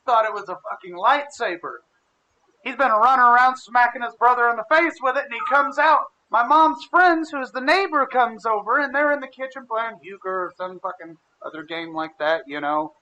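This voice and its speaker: Male podcast co-host from Ohio. High, bright voice. Crude, animated storyteller with faint room noise behind him. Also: low-quality recording. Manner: crude, animated storyteller who acts out quotes. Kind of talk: casual storytelling chat.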